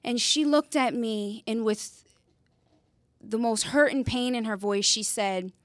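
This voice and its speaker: A young woman telling a personal story in an earnest, conversational way, dropping quiet on painful memories and lifting when she acts out scenes. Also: slow pace, dry recording, studio quality. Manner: earnest, conversational, with fillers and rhetorical "right?"; drops quiet and low on painful memories, lifts for animated retelling. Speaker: speaker sharing her story.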